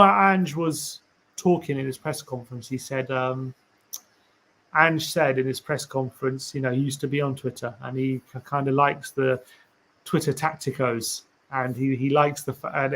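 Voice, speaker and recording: A man's voice: medium pitch, a bit bright. A man hosting a casual live stream for a fan channel, reading tweets aloud, musing and rambling with rhetorical questions to viewers.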